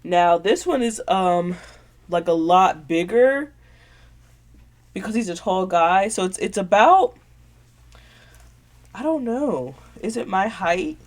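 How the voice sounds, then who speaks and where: A woman's voice: mid-range voice, animated, takes it slowly, long pauses, darkish tone. A woman hosting her podcast in casual show-and-tell chat, gushing and sentimental, with lots of filler words. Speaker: podcast host.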